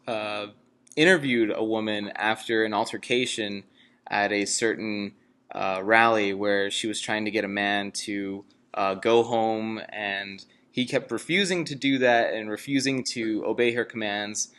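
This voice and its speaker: A man's voice: on the low side, steady tone, a little slow, fairly bright tone. Guy interviewing someone, kinda hesitant, lots of uhs. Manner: hesitant, with many fillers. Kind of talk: interview questions.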